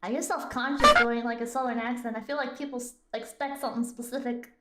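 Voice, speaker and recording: Woman host, casual stream chat, high and bouncy, playful and giggly, roomy echo. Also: fairly even intonation, quick pace, very noisy.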